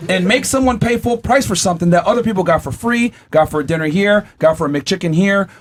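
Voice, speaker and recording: A man's voice: high-pitched, quick pace, noisy background. A man hosting a podcast panel, telling an acted-out scenario and swearing freely. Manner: animated storyteller, acts out scenarios, swears. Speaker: podcast host. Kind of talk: heated panel debate.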